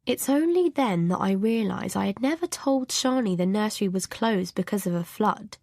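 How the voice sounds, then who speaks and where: A woman's voice: medium pitch, expressive, moderate pace, darkish tone, dry recording. Female audiobook narrator, first-person, tense confessional read, dry sound. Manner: anxious, confessional inner voice.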